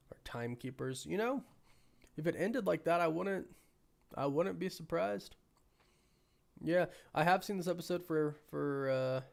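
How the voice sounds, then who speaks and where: Hoarse sick man chatting live. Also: on the high side, darkish tone. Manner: rambling, thinking aloud with many restarts. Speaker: livestream host. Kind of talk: casual live chat with viewers.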